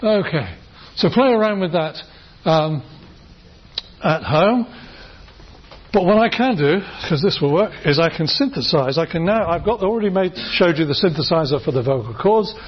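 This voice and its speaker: A man's voice: fairly high pitch, lively intonation, moderate pace, a little hiss or hum. A middle-aged man lecturing a class, enthusiastic and chatty, often restarting his sentences as he runs demonstrations. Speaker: university lecturer. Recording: dull, lo-fi lecture recording.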